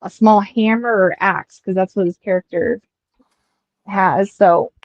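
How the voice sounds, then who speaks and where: A woman streamer talks casually into a headset, wandering through her story with lots of fillers. Her voice sits in a middle pitch, and the sound is muffled and dry. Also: unhurried, no echo. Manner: rambling, full of fillers. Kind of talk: casual chat.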